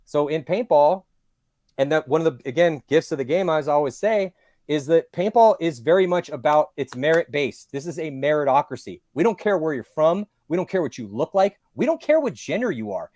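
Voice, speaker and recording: Long-winded man, animated and dry. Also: fairly high pitch, a little fast, dry recording. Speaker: podcast guest. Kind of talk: casual podcast talk.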